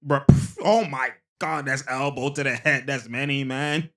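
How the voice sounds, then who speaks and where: Excitable slangy man breaking down replays. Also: mid-range voice, unhurried. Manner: excitable, slangy, laughs often between remarks. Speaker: host. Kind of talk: casual basketball replay breakdown.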